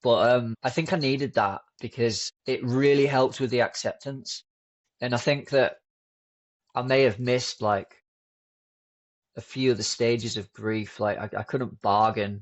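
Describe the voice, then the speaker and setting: A man's voice: medium pitch, fairly even intonation, moderate pace. Candid man, slightly muffled. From Britain. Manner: informal, frequent "like" and restarts. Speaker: podcast guest. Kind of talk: candid personal storytelling.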